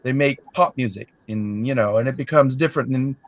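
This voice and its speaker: A man's voice: mid-range voice, a little fast, no echo, dull audio. A middle-aged man chatting casually over a video call, laid-back, often trailing off with "you know". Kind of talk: casual chat on a live stream.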